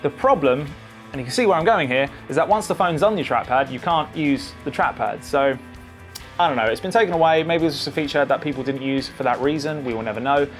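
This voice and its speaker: A man giving a relaxed, conversational laptop overview as a tech reviewer, with frequent fillers. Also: on the high side, a little fast, faint music behind. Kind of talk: casual product overview.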